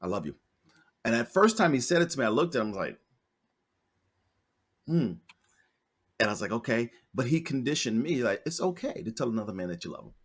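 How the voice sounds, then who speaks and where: A man hosting a podcast, chatting in a relaxed, candid way and sharing his own anecdotes. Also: medium pitch, racing, few pauses, breathy edge. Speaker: podcast host. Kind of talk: casual conversation.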